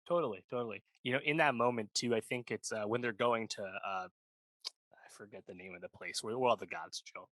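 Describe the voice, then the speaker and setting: A man's voice: on the low side, brisk, a bit bright, no echo. A man co-hosting a pop culture podcast, chatting casually and rambling, full of "like" and "you know, right?". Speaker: podcast co-host. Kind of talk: casual chat.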